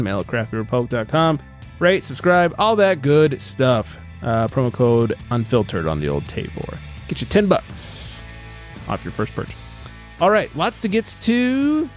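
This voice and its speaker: A man hosting a casual beer podcast, joking with his co-hosts and reading off show plugs. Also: fairly high pitch. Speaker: podcast host. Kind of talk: casual chat.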